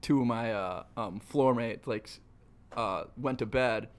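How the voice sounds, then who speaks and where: A man's voice: medium pitch, a little slow. A man in his twenties, from Minnesota, co-hosting a podcast and telling crude stories with swearing and laughter. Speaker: podcast co-host. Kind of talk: casual chat.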